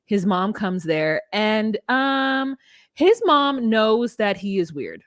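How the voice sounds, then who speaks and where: A woman's voice: mid-range voice, very animated, no room sound, clean studio sound. A woman co-hosting a podcast, recapping a reality show in casual chat and acting out the people she quotes. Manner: fast, acts out quotes with put-on voices. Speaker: podcast co-host.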